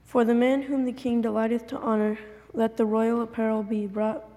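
A woman volunteer reading scripture aloud, halting and stumbling over the old words. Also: on the high side, flat delivery, warm tone. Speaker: volunteer reader. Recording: long hall reverb.

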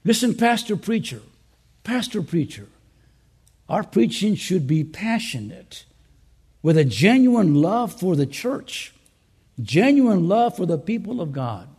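A male pastor preaching a conference sermon to fellow pastors, swinging between loud urging and soft earnest asides, with joking conversational remarks. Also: sits high, very animated, slow pace, slightly rough.

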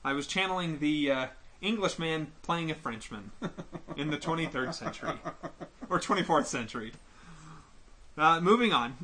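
A man's voice: fairly high pitch, expressive, normal speed, pauses often, sharp tone. A man co-hosting a podcast in casual chat, reading a listener's email aloud with jokes and small stumbles. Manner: chatty, joking, stumbles over words while reading. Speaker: podcast co-host.

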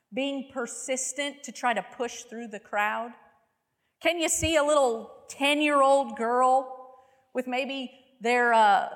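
A woman delivers a sermon at a slow, deliberate pace. Her voice sits a little higher than most. She paints scenes vividly and keeps asking her listeners rhetorical questions, and a long reverb trails behind her words as if she is in a big hall. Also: fairly bright tone. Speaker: preacher.

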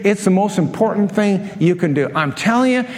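A middle-aged man preaching a sermon, telling stories and acting out quoted lines with lively humor. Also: high-pitched, moderate pace, in a large hall. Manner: animated storytelling with acted-out quotes. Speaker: pastor.

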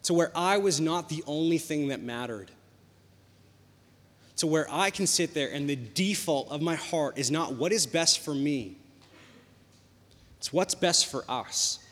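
A young man preaching a sermon, telling a personal story in a lively, conversational way. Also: fairly high pitch, measured pace, long pauses. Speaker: pastor. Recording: long hall reverb.

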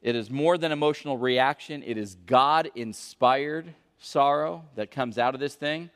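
A man preaching a sermon as pastor, questioning the congregation and swinging between loud emphasis and hushed intensity. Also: mid-range voice, a little slow, smooth. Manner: questions the congregation and calls for answers. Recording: long reverb of a large hall.

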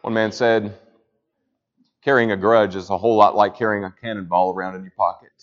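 A man preaching a sermon, rising to loud emphatic peaks and then dropping low. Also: steady tone, a little fast. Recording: slightly dull lo-fi sound.

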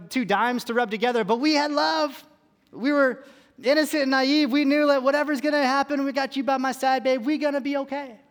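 A pastor preaching in a relaxed, storytelling way, poking fun at himself as he goes. His voice is high for a man. The sound trails off into the long reverb of a big hall. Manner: conversational, self-deprecating humor. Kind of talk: sermon storytelling.

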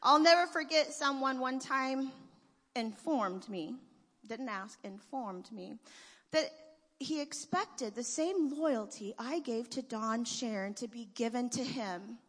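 A woman's voice: high-pitched, measured pace, a bit bright. A woman giving an emotional church testimonial, laughing between phrases. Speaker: church member giving a tribute. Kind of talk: heartfelt testimonial speech. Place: church sanctuary. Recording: long reverb of a church hall.

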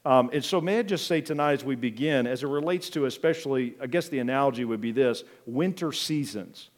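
A man's voice: mid-range voice, fairly quick. A middle-aged man, a pastor, preaching a sermon in a conversational, storytelling manner with many fillers and restarts.

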